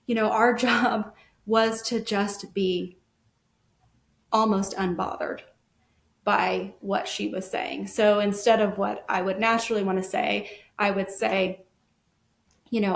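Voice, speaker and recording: A middle-aged woman sharing her story as a guest parent, earnest and animated. Her voice sits at a middle pitch and rings with room echo. The talk is relaxed and conversational. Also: takes it slowly. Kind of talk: casual podcast conversation. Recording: echoey room.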